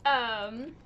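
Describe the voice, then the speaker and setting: A woman livestreaming a game, chatting casually in an unhurried way, with lots of little laughs and ums. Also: on the high side, highs cut off, a little hiss or hum. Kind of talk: casual chat while streaming a game.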